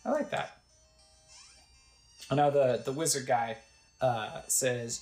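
A woman's voice: extremely low pitch, slow, long pauses, a little mellow, reverberant, soft background music, poor audio. A woman casually narrating a video game playthrough, describing the screen and reading its text aloud. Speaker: gamer narrating a let's play.

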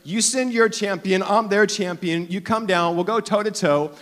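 Boastful giant warrior, played by a man, shouted high in slang, long hall echo. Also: normal speed. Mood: taunting. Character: boastful giant male warrior, loud and taunting.

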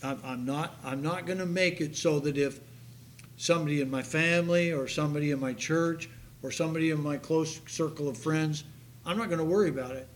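Animated high-voiced pastor preaching. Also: male voice, a little fast, a little hiss or hum. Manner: animated storytelling, rising to near-shouts and laughing. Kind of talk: sermon. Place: church sanctuary.

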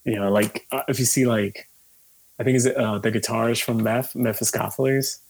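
A musician being interviewed, talking in a loose, rambling way with lots of fillers, swearing and easy laughs. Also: male voice, medium pitch, fairly even intonation, moderate pace, vocal fry, husky, dry recording. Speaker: musician guest. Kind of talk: casual conversation.

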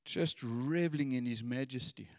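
A man's voice: mid-range voice, normal speed, a little mellow, dry recording, studio quality, in a large hall. A man preaching a sermon in an earnest, conversational way, often repeating his words.

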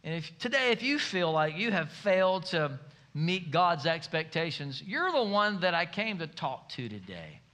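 Folksy, bright-voiced male preacher. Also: moderate pace. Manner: folksy, humorous storytelling with lively swings in pitch. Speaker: pastor. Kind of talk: sermon.

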